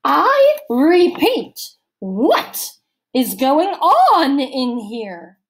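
A woman putting on a stern camp director, slow and loud. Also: a little high, wildly swooping pitch, pitched above the performer's own voice, heavily acted. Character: stern strict older female camp director.

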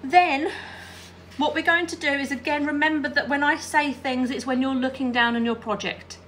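A quilting teacher with a high voice talks at a moderate pace and fairly even intonation, with some background noise. She chats through a hands-on lesson while ironing and sewing, often checking in with viewers by asking "all right?"

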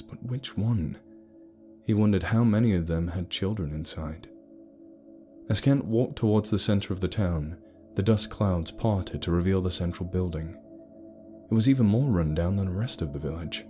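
A man narrating a horror story in a slow, measured, ominous way. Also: low-pitched, warm tone. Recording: faint eerie music behind.

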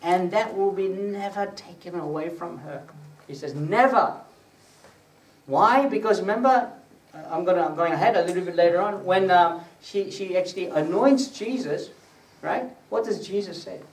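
A man's voice: sits high, normal speed, few pauses. Echoey, distant male preacher teaching. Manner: conversational, quizzes listeners, raises his voice for scripture quotes. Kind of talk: teaching sermon. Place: prayer gathering room. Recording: echoey room, distant mic, faint hiss.

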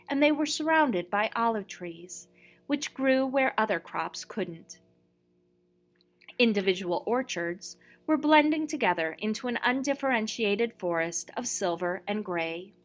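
A woman reads a first-person novel aloud as an audiobook narrator. Her pitch is average for a woman, and her delivery is steady and measured. She tells the story in an even storytelling voice. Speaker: audiobook reader.

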